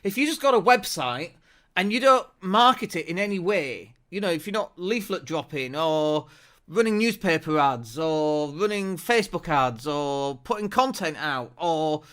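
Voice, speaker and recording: Animated high-voiced man. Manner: energetic, persuasive, animated. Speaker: podcast host, marketing agency owner. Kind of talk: direct-to-camera marketing talk. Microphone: camera at desk.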